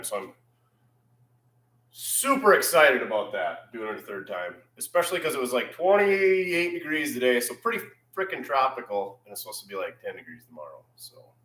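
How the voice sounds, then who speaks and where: A man's voice: medium pitch, sharp tone. Laid-back man chatting in an echoey shop. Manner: laid-back, rambling, reads chat aloud. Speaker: channel host. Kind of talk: casual livestream chat. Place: repair shop.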